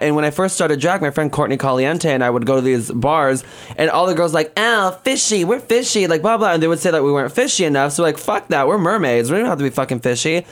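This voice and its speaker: A man, a drag performer, chatting casually with a drawling valley-style way of talking, animated and full of swearing. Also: on the high side. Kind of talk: casual chat.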